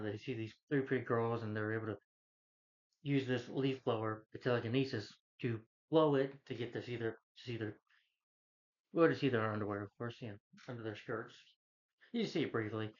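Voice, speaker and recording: A man's voice: mid-range voice, fairly even intonation, normal speed. A man giving a casual, rambling plot recap as a movie reviewer, with many restarts and "you know" fillers. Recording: dull lo-fi recording.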